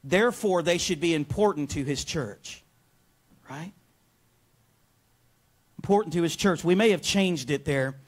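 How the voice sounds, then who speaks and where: An energetic man preaching from the pulpit, his voice sitting a little high for a man. He keeps pulling the congregation in with quick calls for an answer, in a church sanctuary. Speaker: pastor. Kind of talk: sermon.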